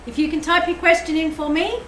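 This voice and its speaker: High-voiced, chatty woman tarot reader. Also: steady tone, brisk, a bit bright, roomy sound, a little hiss or hum, low-quality recording. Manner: effusive, chatty, thanks viewers often. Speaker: tarot reader and live streamer. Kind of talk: live-stream tarot reading chat.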